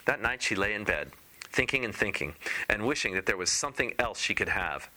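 A man's voice: fairly low pitch, expressive, fairly quick, pushed and bright. A man casually reading a fairy tale aloud, with informal asides as he skips ahead. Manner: informal asides and skipping parts. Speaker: storyteller.

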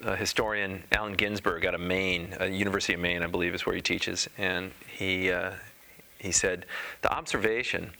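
Low, bright-toned man giving a talk. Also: level tone, gravelly. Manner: halting and conversational, with frequent pauses and restarts. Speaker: Dharma teacher. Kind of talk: Dharma talk with personal anecdote.

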